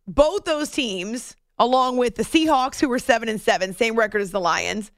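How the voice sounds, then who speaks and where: A woman's voice: a little high, moderate pace, hardly any pauses, no room sound, clean studio sound. A woman hosting a sports talk show, chatty and playful, with joking asides to her producer.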